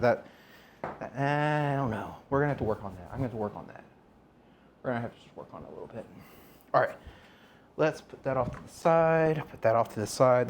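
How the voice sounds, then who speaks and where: Casual streamer: man, mid-pitched, talking to chat while he cooks, faint background hiss. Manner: chatty, asks viewers questions, rambles while working. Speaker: streamer cooking live.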